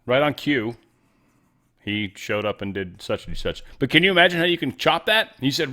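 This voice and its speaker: A man hosting a news commentary show, in animated, jokey talk that swings between loud remarks and soft asides. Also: medium pitch, moderate pace. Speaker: show host.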